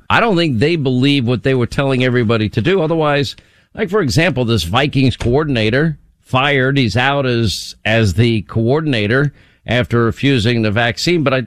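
A man's voice: medium pitch, no room sound, clean studio sound. A man hosting a talk radio show, commenting in a casual, wry way and often restarting his sentences.

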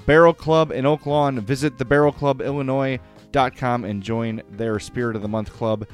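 A man's voice: mid-range voice, steady tone, moderate pace, faint music behind. A man hosting a hockey podcast, chatting enthusiastically and reading sponsor plugs. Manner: enthusiastic, chatty, gets choked up. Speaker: podcast host. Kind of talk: casual sports podcast chat with sponsor reads.

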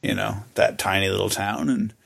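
An American man in a relaxed podcast chat, his voice carrying a gravelly fry. He jokes around and keeps doubling back with fillers and restarts as he talks. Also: fairly low pitch, moderate pace. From United States. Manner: loose and joking, with frequent fillers and restarts. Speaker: podcast co-host. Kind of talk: casual chat.

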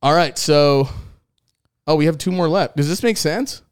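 A man's voice: fairly high pitch, clear, resonant tone, no room sound, clean studio sound. A man hosting a podcast, chatting casually and swearing freely as he plays a trivia game. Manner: swearing, quick banter. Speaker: podcast host.

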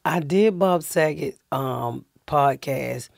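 A woman's voice: low voice, slow, gravelly, dry recording, clean studio sound. A middle-aged woman with a Southern US accent, a comedian telling stories in casual talk, swearing freely and acting out what people said. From United States. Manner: profane, animated storyteller acting out quotes. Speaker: comedian guest. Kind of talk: casual storytelling.

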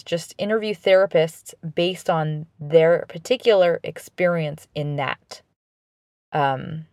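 A woman's voice: on the low side, no echo. A woman speaking earnestly and encouragingly straight to the listener in an advice monologue, with frequent restarts and fillers.

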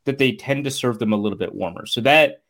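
A man's voice: mid-range voice, fast, a bit bright. A man co-hosting a sports podcast in casual chat, rambling with fillers and restarts and acting out quotes. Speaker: podcast co-host.

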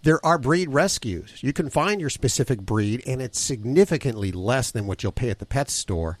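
A man hosts a call-in radio show about pets, his voice at an ordinary middle pitch. He talks casually and earnestly urges listeners to act. The sound is dry and close, with no room around it. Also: expressive, moderate pace, dry recording.

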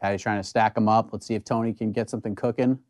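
A man co-hosting a live watch party, reacting to the action and shouting encouragement at the fighters. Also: fairly low pitch, quick pace. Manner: excitable, yells at the fighters.

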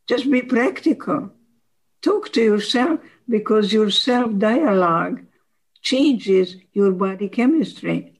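A woman's voice: fairly high pitch, slow, darkish tone, low-quality recording. A woman in her nineties giving emphatic, practical life advice as a guest in an interview. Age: 90s. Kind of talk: conversational interview.

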